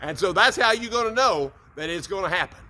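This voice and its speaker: A man, as a preacher puts him on, plays an angel bringing a promise, firm and assuring. The voice is high and bright. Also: lively intonation, brisk, exaggerated voice. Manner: assuring, announcing. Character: reassuring male angel messenger.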